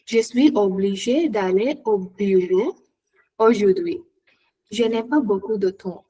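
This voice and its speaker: Slow, careful woman student reading aloud. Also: medium pitch, mellow, slightly rough, low-quality recording. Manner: careful, hesitant reading with restarts.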